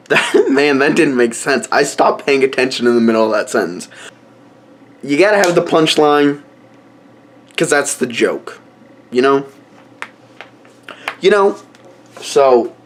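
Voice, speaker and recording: A young comedy vlogger jokes around while recording a silly song, swinging between mock singing and rambling asides in a joking self-recorded rap session. His voice is mid-range, with a little hiss or hum in the recording.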